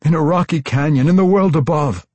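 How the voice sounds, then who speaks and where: Casting: a man playing a frightened drow commoner, high and strained, stammering, husky edge. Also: expressive, moderate pace, darkish tone, no room sound. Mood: desperate. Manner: desperate, stammering, high-strung. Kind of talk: audiobook character voice.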